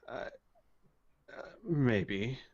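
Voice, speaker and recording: A man narrating a tabletop role-playing game as game master, speaking in a slow, measured way and voicing characters. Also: medium pitch, a little mellow. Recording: muffled lo-fi voice chat.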